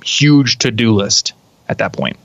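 A young man, a guest on a podcast, explaining his video workflow in a casual, animated way and laughing easily. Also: lowish voice, a little slow, dry recording. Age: young adult. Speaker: guest, YouTube creator. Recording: slightly dull, dry sound.

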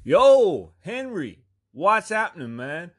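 A man putting on his loud friend shouting greetings across a store. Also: high-pitched, sing-song, slow pace, voice pushed up, full character voice. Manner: shouting, boisterous.

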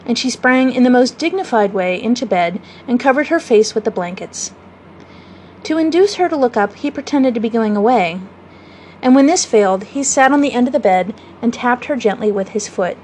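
A woman reading a classic children's story aloud as a radio storyteller, measured and expressive. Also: on the high side, slight background noise, rough recording.

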